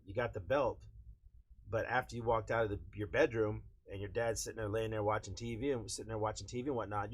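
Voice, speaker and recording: A middle-aged man with a fairly low voice chats on a podcast. He tells frank family stories in a loose, rambling way, full of fillers and restarts. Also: slightly rough. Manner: candid, rambling storytelling with many fillers. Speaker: podcast co-host. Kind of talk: casual chat.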